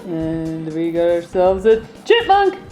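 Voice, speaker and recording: A woman's voice: fairly low pitch, sing-song, slow, dark tone, low-quality recording. A woman hosting a playful family video, cheerfully announcing each toy and laughing often. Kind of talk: playful commentary. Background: music.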